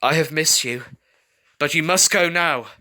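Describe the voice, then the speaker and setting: A man voicing a young male fox, a gentle and protective brother, in a read-aloud fan story. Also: on the high side, unhurried, pitched above the performer's own voice. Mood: firm.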